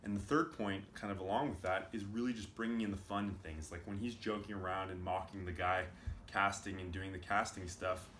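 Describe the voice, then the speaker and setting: A man's voice: sits low, fairly even intonation, a little fast, fairly bright tone. A man giving a loose, casual commentary full of fillers as he explains clips. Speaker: video commentator. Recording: roomy with faint noise.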